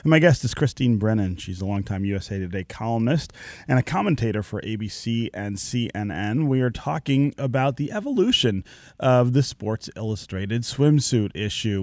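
Low-voiced male radio host. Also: lively intonation, normal speed, a little mellow, no room sound, studio quality. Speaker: radio talk show host. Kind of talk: radio call-in show hosting. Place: radio studio.

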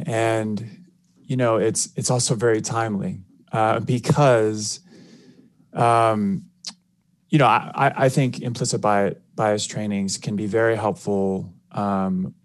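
Low-voiced man in a radio interview. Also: no room sound, clean studio sound. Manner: measured, many fillers and restarts. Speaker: guest author, civil rights attorney.

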